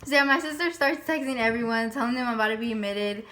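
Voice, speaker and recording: A woman's voice: on the high side, fast talker, fairly bright tone. A young woman hosting a couple's vlog, chatting casually and acting out what people said as she tells her story. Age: young adult. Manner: chatty, retells scenes with quoted voices. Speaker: vlog host.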